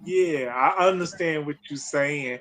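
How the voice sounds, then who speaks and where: A soft-spoken man in casual conversation, talking quietly about himself. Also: a little high, a little slow, low-quality recording. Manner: quiet, soft-spoken, self-describes as shy. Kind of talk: casual chat.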